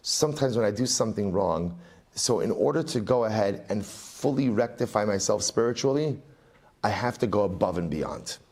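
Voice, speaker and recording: Speaking at a moderate pace in a lowish voice, a middle-aged rabbi teaches a Talmud lesson with animation. He repeats phrases to drive points home and mixes Aramaic and Hebrew into his words.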